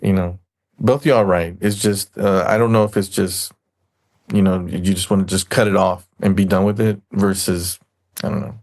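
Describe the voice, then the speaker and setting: Gravelly, rambling man telling a story. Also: low voice, flat delivery, normal speed, a little mellow. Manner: rambling storyteller, acts out quoted people. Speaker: podcast guest. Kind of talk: casual podcast chat.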